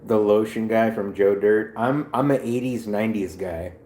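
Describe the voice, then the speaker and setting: A man's voice: fairly low pitch, normal speed, dark tone, reverberant, slight background noise. Rambling, casual male streamer. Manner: loose, rambling, swearing. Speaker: livestreamer. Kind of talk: casual chat with viewers.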